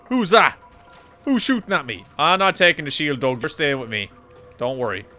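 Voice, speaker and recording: A young man commenting on his own gameplay with rowdy, joking banter and plenty of cursing. His voice is bright and high for a man, and his pitch swings widely as he reacts. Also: sing-song, normal speed, faint music behind. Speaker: gaming YouTuber. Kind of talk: let's play commentary.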